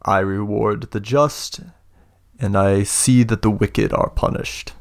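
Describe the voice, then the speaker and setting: A man voicing a big, scheming older lord with one good eye who speaks in slow, grandiose speeches and laughs deep and booming. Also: fairly even intonation, vocal fry, dry recording, clean studio sound. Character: imposing older male lord, scheming, one-eyed mentor. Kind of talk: tabletop role-play narration.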